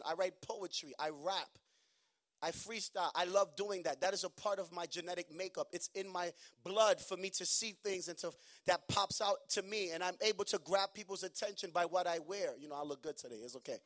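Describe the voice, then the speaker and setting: A man with a Haitian accent preaching a sermon, moving between calm storytelling and shouted emphasis. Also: sits high.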